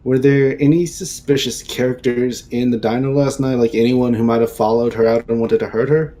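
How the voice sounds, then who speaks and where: A man in the middle of a tabletop role-play, slipping into a private investigator character. His voice is mid-pitched and plain, and his asides come out dry and wry. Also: steady tone, brisk, dark tone. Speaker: player.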